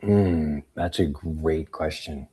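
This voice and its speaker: His voice is extremely low, slow, and a little rough. A guest author and coach from Boston in his fifties, he tells stories in an informal interview, animatedly voicing the people he quotes.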